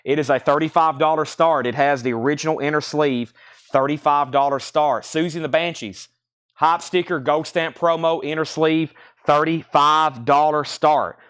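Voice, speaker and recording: A man hosting a live record sale, rattling off titles and prices in brisk auctioneer patter, a bit out of breath. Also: a little high, fairly even intonation, fairly bright tone, clear, resonant tone.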